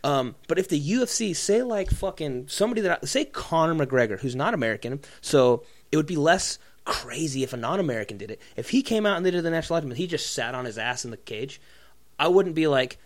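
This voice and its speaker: A man's voice: a little high, lively intonation, quick pace. A man co-hosting a casual podcast, ranting in a profane, mocking way and acting out other people's voices. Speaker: podcast co-host. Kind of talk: profane comedic rant.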